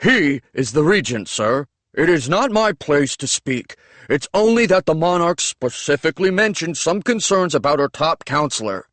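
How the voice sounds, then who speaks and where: A man's voice: fairly high pitch, expressive, normal speed, a bit bright, no room sound, voice pushed up. A man reading an audiobook voices a young man posing as a humble servant, speaking meekly and deferentially. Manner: falsely meek and deferential.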